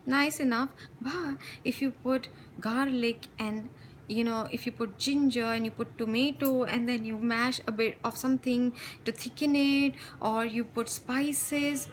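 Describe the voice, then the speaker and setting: Woman, higher voice, passionate, intense, live-stream talk, speeds up when excited, faint background hiss. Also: low-quality recording. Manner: frequent laughs and warm endearments. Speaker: spiritual live-stream host.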